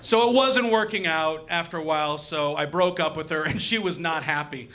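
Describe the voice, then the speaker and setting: A young man performing a stand-up comedy set on a club stage, animated and acting out the voices of the people in his jokes. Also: fairly high pitch, normal speed, very noisy. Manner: animated, acts out voices and punchlines.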